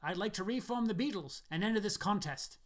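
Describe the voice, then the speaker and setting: A man's voice: sits high, animated, brisk, pitched above the performer's own voice. A man voicing a restless, persuasive middle-aged ex-rock musician in a story reading. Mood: urgent. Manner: urgent, persuasive.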